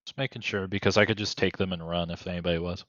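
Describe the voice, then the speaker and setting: A man's voice: sits low, fairly even intonation, fast talker, fairly bright tone, dry recording, muffled recording. A man playing a rogue in a tabletop game, checking the rules aloud and muttering while he reads. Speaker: player, rogue. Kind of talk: casual game table chat.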